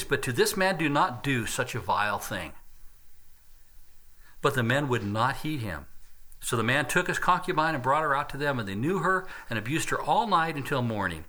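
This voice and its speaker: A man's voice: medium pitch, big pitch swings, normal speed, sharp tone. A man preaching an expository sermon, reading Bible verses aloud and breaking in with his own asides.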